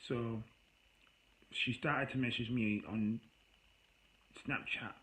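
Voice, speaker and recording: A man vents into the camera about a breakup, his mid-pitched voice worn out and weary. He rambles and sighs, then flares into angry outbursts. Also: steady tone, slow pace, sharp tone, low-quality recording. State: tired. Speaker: vlogger. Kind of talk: venting personal story to camera.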